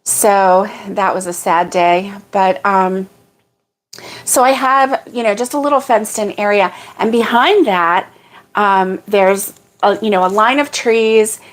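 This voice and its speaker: A middle-aged woman chats her way through a relaxed morning livestream, meandering from one homey story to the next. Her pitch sits in an ordinary middle range, rising brightly whenever she calls out a hello to a viewer by name. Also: slow. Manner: rambling and homey, greets viewers by name in a lifted voice. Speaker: livestream host. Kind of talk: casual morning livestream chat.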